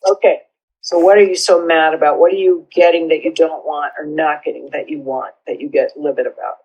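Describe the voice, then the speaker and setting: A woman therapist guiding a session in a gentle, measured, coaxing way. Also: deep voice, fairly even intonation, slightly rough, muffled recording.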